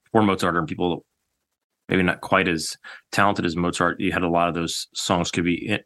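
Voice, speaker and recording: A man hosting a podcast, thinking aloud in halting phrases as he asks questions. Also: low-pitched, flat delivery, fairly bright tone. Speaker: podcast host. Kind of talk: casual chat.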